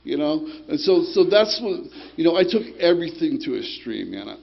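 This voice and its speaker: A man's voice: on the high side, big pitch swings, fairly quick, vocal fry, lo-fi sound. A man giving a rambling, streetwise personal testimony at a recovery group meeting, swearing and often asking "you know, right?". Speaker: speaker sharing his recovery story.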